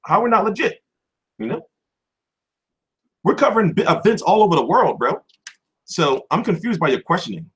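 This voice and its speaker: A man's voice: high-pitched, sing-song, normal speed, pauses often, fairly bright tone, breathy edge. A young man hosting a boxing channel, answering viewers in a heated, profane livestream chat.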